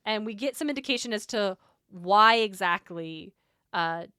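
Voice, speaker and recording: A woman with a mid-pitched voice recaps a book chapter on a podcast in a relaxed, thinking-aloud way. She is recorded dry and close. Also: a little slow, clear, resonant tone, dry recording. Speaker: podcast co-host. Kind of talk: casual book discussion.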